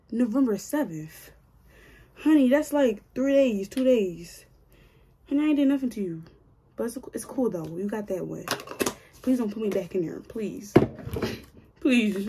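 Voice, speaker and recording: Chatty woman vlogger with a mellow voice. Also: fairly high pitch, husky. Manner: chatty, joking, grumbles and talks to herself. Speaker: hair vlogger. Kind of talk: casual chat to viewers while styling her hair.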